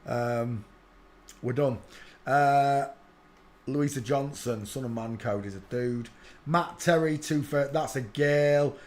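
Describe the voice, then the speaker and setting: A man's voice: mid-range voice, takes it slowly. Emphatic man chanting a checklist. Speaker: channel host. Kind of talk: live-stream commentary over video clips.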